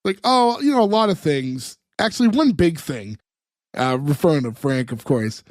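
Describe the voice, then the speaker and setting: A man's voice: a little high, lively intonation, moderate pace, no echo. Man retelling sitcom scenes, dry close mic. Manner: retells scenes, acting out the characters' lines. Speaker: podcast co-host. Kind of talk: casual chat recapping a sitcom episode.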